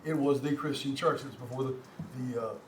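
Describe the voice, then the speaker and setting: A man's voice: mid-range voice, steady tone. Older Texan man lecturing in a roomy hall. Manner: halting, repeats words, folksy asides to the class. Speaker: language class teacher. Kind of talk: classroom lecture with slides. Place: community classroom. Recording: roomy, distant mic, faint hum.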